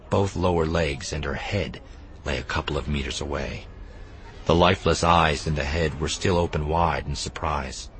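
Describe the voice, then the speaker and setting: A man narrating an audiobook in an expressive, even storytelling manner. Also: low-pitched, a little hiss or hum. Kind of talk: scripted narration.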